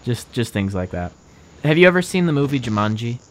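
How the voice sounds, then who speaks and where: A man's voice: medium pitch, big pitch swings, fairly quick, a little hiss or hum. A young man co-hosting a casual podcast chat, rambling with lots of fillers and frequent laughter. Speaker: podcast co-host.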